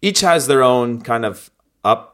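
A man co-hosting a sports podcast in a relaxed, joking chat. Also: mid-range voice, measured pace. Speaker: podcast co-host. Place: clubhouse room.

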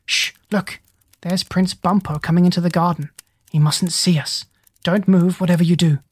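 A reader voicing a clever, bossy female parrot who talks in an urgent, hushed way in a storybook. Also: medium pitch, little pitch movement, moderate pace, husky, no room sound, close to an everyday voice. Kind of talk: audiobook character reading.

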